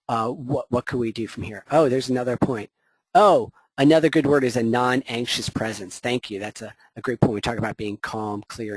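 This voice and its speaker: A man's voice: mid-range voice, no room sound, low-quality recording. A man leading a workplace training session, chatty and rambling, with lots of fillers and self-corrections. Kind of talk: conversational training talk.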